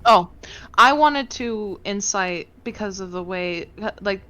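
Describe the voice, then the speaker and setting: A woman playing a tabletop game, asking eager questions with quick restarts. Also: medium pitch, animated, sharp tone. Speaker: player. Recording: dull lo-fi mic.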